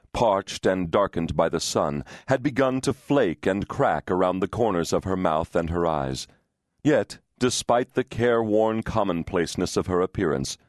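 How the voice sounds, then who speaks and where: A man reading a historical novel aloud as an audiobook narrator, measured and expressive. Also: deep voice, no room sound, clean studio sound. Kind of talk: scripted narration. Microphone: studio microphone.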